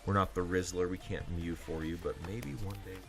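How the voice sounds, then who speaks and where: A man's voice: low-pitched, steady tone, fairly quick, vocal fry, fairly bright tone, soft background music. A man selling trading cards on a livestream in casual, rambling chat full of fillers. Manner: rambling and chatty, heavy on fillers. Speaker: livestream card seller.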